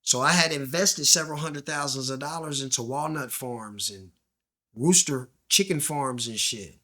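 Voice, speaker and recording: A male guest recounts his story in slang for a candid storytelling interview, acting out the voices in quoted dialogue and falling to a near-whisper in tense moments. His medium-pitched voice is bright and forceful, at a normal speed.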